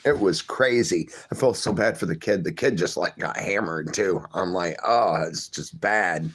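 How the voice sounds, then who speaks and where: Guy on a livestream reading chat out loud, says hi to everyone by name, laid-back talk. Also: sits low, normal speed, slightly rough. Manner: friendly, greets viewers by name. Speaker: livestream host.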